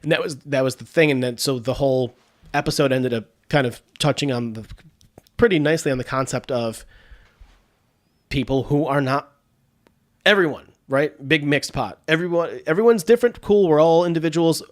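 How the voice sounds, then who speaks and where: A man's voice: fairly high pitch, normal speed. Rambling, congested podcast host man. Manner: rambling, restarts a lot, laughs often. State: congested sinuses. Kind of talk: casual chat.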